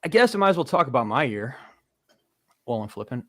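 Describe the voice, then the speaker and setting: A man's voice: medium pitch, sing-song, fast, no echo. A man hosting a casual chat show, rambling and loose, swearing now and then. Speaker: podcast host.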